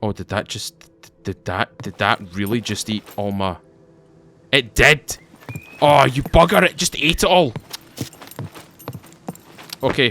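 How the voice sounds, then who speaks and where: A man's voice: on the low side, pushed and bright, a little hiss or hum. A man with a Scottish accent giving casual, rambling commentary to his viewers while playing a game, often repeating and restarting his phrases. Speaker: gaming YouTuber.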